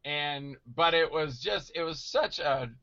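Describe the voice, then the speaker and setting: A middle-aged man telling stories in casual chat, animated and acting out voices he quotes. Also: on the high side, a little slow, no room sound, dull audio. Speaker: guest actor telling stories.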